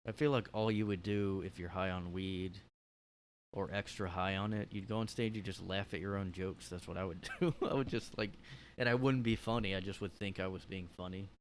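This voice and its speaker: A man's voice: low-pitched, fairly even intonation, a little fast, slight background noise, poor audio. A man hosting a solo comedy podcast, talking in a tired, rambling, laid-back way. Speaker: podcast host.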